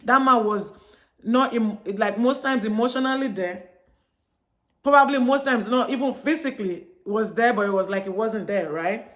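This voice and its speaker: A woman's voice: a little high, normal speed, fairly bright tone. A woman from Chicago talking straight to her viewers in a casual monologue, telling a story and acting out both sides of the conversation. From Chicago, United States. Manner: chatty storytelling, acts out dialogue. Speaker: vlogger.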